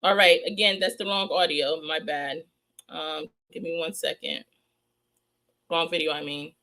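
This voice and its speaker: A woman's voice: deep voice, steady tone, a little slow, pushed and bright. A woman hosting a psychic true-crime vlog, talking in a heated, scolding rant and repeating lines for emphasis.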